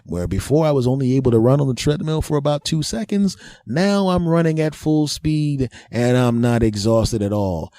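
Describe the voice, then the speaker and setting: A middle-aged male podcast host spins a boastful, self-mocking comic tale. His voice is mellow and warm, recorded close and dry. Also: mid-range voice, expressive, normal speed, no echo. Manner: self-mocking, boastful, laughs at own jokes. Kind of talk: comic storytelling monologue.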